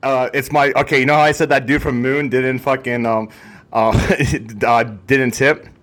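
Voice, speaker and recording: A man's voice: medium pitch, little pitch movement, normal speed, a bit bright. A young man co-hosting a podcast, chatting in a laid-back, profane way. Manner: laid-back, profane, laughs between lines. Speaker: podcast co-host. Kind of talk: casual chat.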